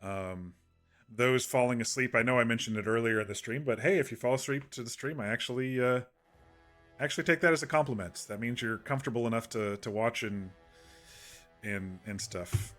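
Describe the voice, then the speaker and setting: A man's voice: medium pitch, fairly quick, fairly bright tone, faint music behind. A man streaming a game, chatting casually to viewers in a soothing, rambling way with many restarts.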